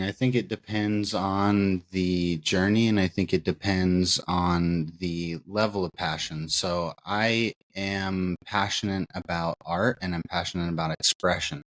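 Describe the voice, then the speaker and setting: A man co-hosting a podcast, answering in a measured, thoughtful way. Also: sits low. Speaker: podcast co-host. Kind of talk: casual chat.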